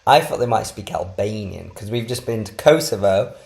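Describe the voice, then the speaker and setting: A man's voice: fairly low pitch, animated, normal speed, vocal fry, darkish tone. A man co-hosting a podcast, rambling and poking fun at himself in a casual travel chat. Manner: rambling, self-deprecating. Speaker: podcast co-host.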